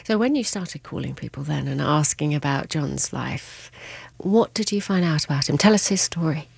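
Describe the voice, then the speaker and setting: Lady radio host, lowish gravelly voice, calm questions, dry close mic. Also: dry recording. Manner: measured, prompting questions. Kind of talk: radio interview hosting.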